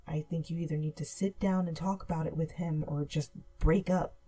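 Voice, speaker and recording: A woman's voice: deep voice, steady tone, moderate pace, warm tone, slightly rough, soft background music. A woman voicing a blunt, matter-of-fact teenage girl talking to a friend on the phone.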